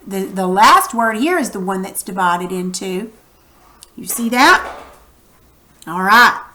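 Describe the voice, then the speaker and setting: A patient woman teaches a reading lesson, speaking in an unhurried, deliberate voice that sits a little high and sounds pushed and bright. She sounds out each word slowly and clearly and keeps posing questions to her class, captured in a low-quality recording.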